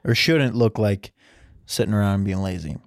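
A young man co-hosting a casual podcast, relaxed and rambling with lots of fillers. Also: lowish voice, normal speed, no echo, clean studio sound. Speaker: podcast co-host.

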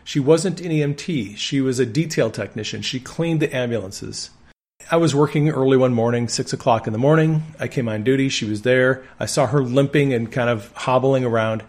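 A man's voice: mid-range voice, normal speed, darkish tone. A man who works on an ambulance, preaching a sermon and telling personal healing testimonies with earnest conviction. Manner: earnest storytelling with firm conviction.

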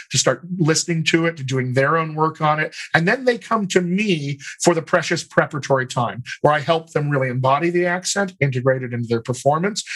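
A man working as a dialect coach, answering interview questions in an explanatory, animated way and laughing easily. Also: a little high, poor audio.

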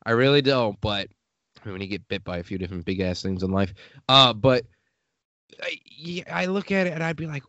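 A man hosting a casual podcast, talking in an animated way and laughing often. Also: a little high, a little fast, no echo, muffled recording. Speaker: podcast host.

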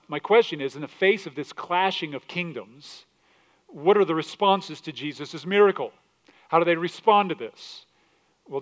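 A male pastor preaching a sermon, reading scripture aloud in old English and putting direct questions to his congregation. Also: a little high.

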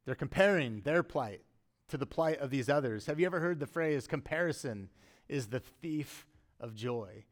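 A man's voice: mid-range voice, lively intonation, normal speed. Earnest male pastor preaching conversationally. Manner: earnest, conversational preaching with emphatic rises and quiet drops. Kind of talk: sermon.

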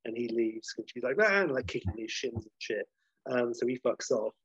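A man's voice: mid-range voice, flat delivery, moderate pace, slightly rough, no room sound, highs cut off. A man casually recounting a story in a rambling, sweary way, with many fillers and restarts.

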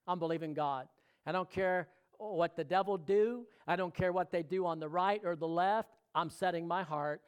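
Here a man with a smooth, high-pitched voice preaches a sermon, moving between booming exhortation and soft, close talk. He directly questions the people in the pews.

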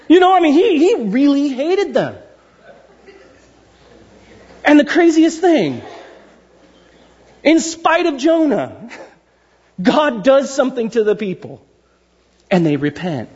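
A male pastor gives a casual, joking sermon, acting out the people in his story. His high voice swoops up and down and sounds slightly husky. The recording is dull and lo-fi. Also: a little slow, long pauses, big-room sound. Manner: animated storyteller who acts out quotes with jokes.

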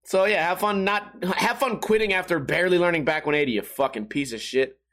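High-pitched man, profane, sarcastic, rambling solo podcast host, self-mocking. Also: brisk, a bit bright. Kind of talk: casual solo podcast chat.

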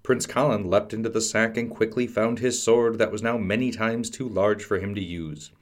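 A man hosting a podcast, reading a fantasy storybook aloud in a measured, dramatic way. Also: fairly low pitch, steady tone. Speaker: podcast host and storybook narrator. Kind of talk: scripted storybook narration.

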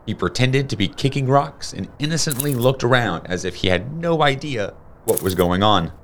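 A man's voice: mid-range voice, moderate pace, slight background noise. Man reading a children's story aloud. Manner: steady, plain storytelling. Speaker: storybook reader.

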